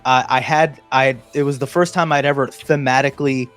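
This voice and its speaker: A man's voice: medium pitch, fairly even intonation, fairly quick, fairly bright tone, clean tone. Guy rambling about his tabletop character, lots of restarts, faint music behind. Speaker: podcast host. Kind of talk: casual chat.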